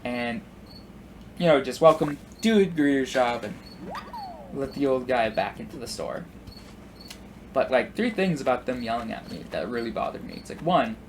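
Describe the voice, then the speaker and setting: Over gameplay footage, a man in his twenties who makes gaming videos on YouTube wanders through stories from work, constantly saying "like" and restarting sentences. He has a mid-range voice, and there's a little hiss or hum.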